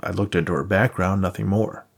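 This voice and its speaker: A man's voice: sits low, fairly even intonation, fairly quick, vocal fry. A man voicing a tired, injured man in an audiobook, talking in a dry, sarcastic way. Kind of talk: audiobook character voice.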